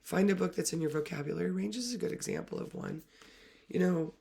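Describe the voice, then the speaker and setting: Gravelly, soft-spoken woman coach. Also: fairly low pitch, animated, fast. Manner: soft-spoken, often dropping to a whisper; earnest and emotional. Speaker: literacy coach. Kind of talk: reflective talk to camera.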